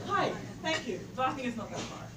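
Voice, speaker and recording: A woman's voice: high-pitched, very animated, moderate pace. A woman in her twenties with an English accent, telling a story live on stage, chatty, with many fillers and laughing at her own story. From England. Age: 20s. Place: bar stage before a live audience. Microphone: distant camera mic. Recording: roomy, distant live recording with loud crowd and noise.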